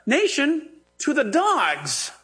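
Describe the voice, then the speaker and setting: Man doing Jesus, calm, gentle, measured, retold in a sermon. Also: very high voice, voice pushed up, exaggerated voice. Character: Jesus, calm male teacher speaking gently.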